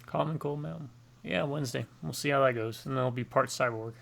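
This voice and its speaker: A man hosting a co-op gaming stream talks fast in a medium-pitched, creaky, slightly bright voice over a little hiss or hum. He chats casually about gameplay and rambles into jokey asides about old games.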